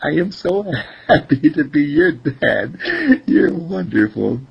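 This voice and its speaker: A man doing a doting gentle daddy. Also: sits low, expressive, slow pace, gravelly, husky, exaggerated voice. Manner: warm and doting. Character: loving gentle father of a little girl. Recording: dull lo-fi recording.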